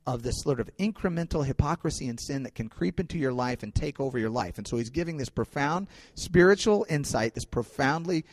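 A male pastor giving a sermon, telling stories in a conversational way with fillers, swinging between loud and quiet. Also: medium pitch, expressive, fairly quick, hardly any pauses. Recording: long hall reverb.

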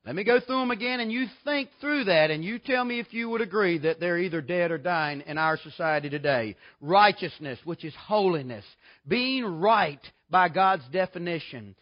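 A man, easygoing and quick to joke between points. His voice sits high for a man. The church recording is a little muffled and dull. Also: animated. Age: 40s. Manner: folksy, joking storyteller. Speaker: guest preacher. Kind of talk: revival sermon. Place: church sanctuary.

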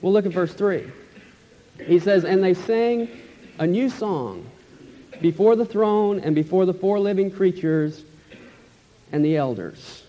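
A man preaching an expository sermon as pastor, emphatic and enthusiastic, repeating key phrases and letting phrase ends trail off softly. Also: high-pitched, a little slow, long pauses. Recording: long hall reverb, dull lo-fi sound.

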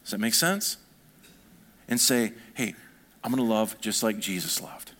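Man preaching a lively sermon. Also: on the low side, unhurried. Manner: animated preaching, swinging between soft and fired-up. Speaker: pastor.

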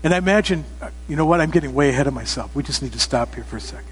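High-voiced man preaching in an echoing hall. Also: animated, racing, breathy edge. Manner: emphatic, rising to loud exclamations. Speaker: pastor. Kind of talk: sermon. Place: church sanctuary. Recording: long reverb of a church hall.

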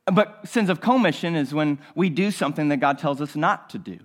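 High-voiced man preaching a sermon. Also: expressive, brisk. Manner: preaching, repeats phrases, asks the listeners rhetorical questions. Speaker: pastor.

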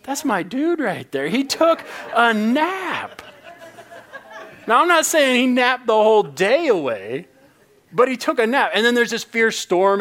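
A man's voice: very high-pitched, big pitch swings, measured pace, a bit bright. A male pastor preaching a sermon in a playful, joking, conversational way.

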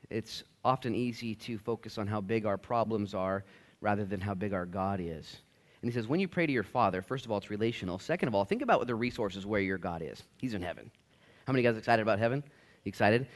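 Animated male pastor preaching. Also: mid-range voice. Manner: animated, conversational preaching with acted-out asides. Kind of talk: sermon. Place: church.

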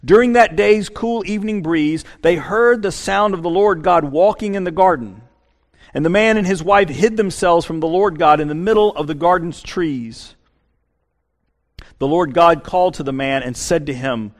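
A pastor giving a sermon and reading scripture. He is animated and repeats words as he speaks. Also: fairly high pitch, a little slow.

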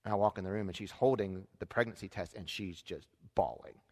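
A man in his thirties preaching a sermon, telling a family story in a conversational way that swings from hushed asides to loud emphasis. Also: low voice, brisk. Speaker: pastor. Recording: long hall reverb.

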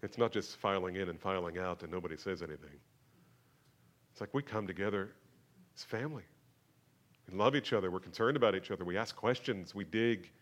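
A man preaching a sermon to his church, moving from quiet, conversational talk to loud, emphatic passages. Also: low-pitched, brisk, long pauses. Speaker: pastor. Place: church sanctuary.

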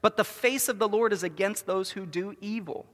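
A man preaching a sermon to his church, earnest, stretching stressed words and dropping to a hush for his gravest lines. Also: high voice, moderate pace. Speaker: pastor. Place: church sanctuary. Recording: long hall reverb.

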